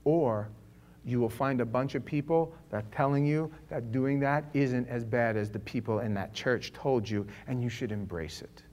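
A middle-aged man preaching a sermon as pastor, in a conversational storytelling way that swings from hushed lines to loud ones and acts out other people's voices. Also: mid-range voice, normal speed, slight background noise.

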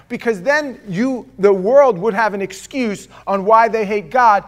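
A pastor preaching a sermon in an animated, conversational storytelling way. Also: male voice, high-pitched, unhurried, few pauses.

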